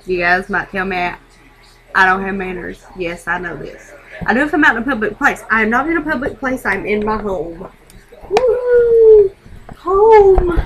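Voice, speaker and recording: A teenage girl vlogging on her webcam from a dark bedroom at home, hyper and giggly, rambling from one thing to the next. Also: mid-range voice, poor audio. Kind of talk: casual webcam vlog.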